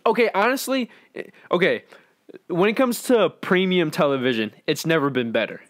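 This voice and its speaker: A man's voice: a little high, lively intonation, moderate pace, a bit bright, no room sound, studio quality. A young man co-hosting a podcast, giving short casual replies and reading out box-office numbers. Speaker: podcast co-host. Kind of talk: casual chat.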